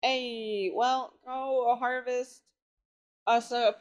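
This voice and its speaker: A woman's voice: a little high, sing-song, moderate pace. A young woman co-hosting a podcast in casual chat, playful and teasing, often laughing. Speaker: podcast co-host.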